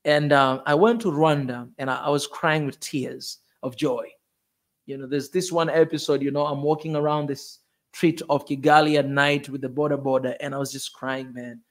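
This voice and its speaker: A man's voice: a little high, steady tone, normal speed. A man in his forties, a video host giving a fervent, preachy motivational talk and repeating phrases for emphasis. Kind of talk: impassioned motivational monologue.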